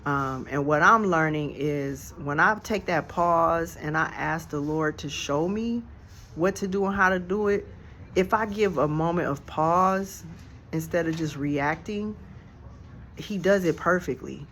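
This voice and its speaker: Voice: medium pitch, unhurried, a bit bright, a little hiss or hum. A storyteller telling a real-life story in a casual, reflective, slangy way, recorded outdoors on a handheld phone. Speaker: storyteller vlogger. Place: outdoors on a porch. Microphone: phone held in hand.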